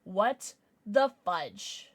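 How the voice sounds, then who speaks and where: A woman livestreamer with a mid-range voice chats casually and thanks her subscribers, drawing out her words. She's excitable and giggly, and she apologizes often.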